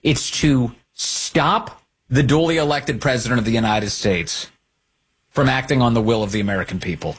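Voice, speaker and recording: A man hosting a political talk show, giving combative, sarcastic commentary with a husky voice. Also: mid-range voice, normal speed. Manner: combative, sarcastic, lively intonation. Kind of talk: opinionated commentary.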